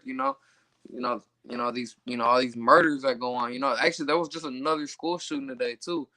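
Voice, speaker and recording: A man's voice: medium pitch, fairly even intonation, quick pace, bright, forceful tone, no room sound, poor audio. A man reading scripture aloud, then commenting loosely with lots of fillers and stumbling over hard words. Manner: reads verses, then riffs loosely with many fillers. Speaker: Bible study reader.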